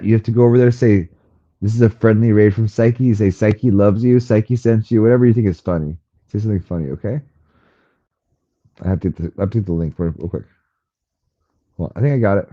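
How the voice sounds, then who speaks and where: A man's voice: brisk, pauses often, dark tone. A man hosting a casual livestream from home, chatting loosely with his viewers, heard through a slightly muffled headset mic. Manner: rambling, chatty, coos at his cat in a high baby voice. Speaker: livestream host. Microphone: headphone mic, a bit muffled.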